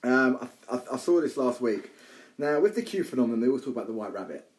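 A man co-hosts a casual podcast, talking with lively energy and tripping over repeated words as he restarts his sentences. His pitch sits in the middle of the usual male range. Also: fast, low-quality recording. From United Kingdom. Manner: animated, stammering restarts. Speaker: podcast co-host.

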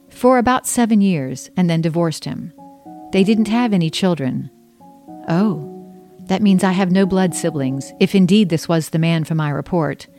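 Memoir narrator: woman author reading her own story, intimate and wry, lower voice. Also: mellow. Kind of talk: first-person memoir narration.

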